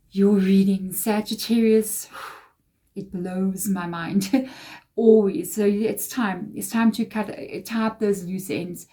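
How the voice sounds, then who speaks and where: A woman with a mellow, warm tone talks through a tarot reading in a loose, rambling way. She confides in her viewers and drifts into emotional personal asides. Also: medium pitch. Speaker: tarot reader. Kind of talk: casual tarot reading monologue.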